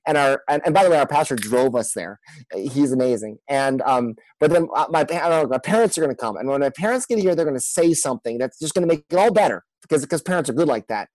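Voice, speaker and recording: A man, a pastor and guest on a podcast, telling a personal story in an earnest, halting way with many restarts. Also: fairly high pitch, animated, a little mellow, no echo, low-quality recording.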